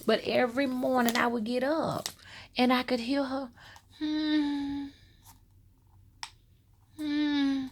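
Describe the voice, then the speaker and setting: A woman's voice: high voice, little pitch movement, moderate pace, slight background noise. A woman tells a rambling, personal story straight to her viewers. She talks casually and keeps calling out to her audience as a spiritual rootworker. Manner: loose, storytelling, addresses viewers as y'all. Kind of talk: casual spoken monologue to viewers.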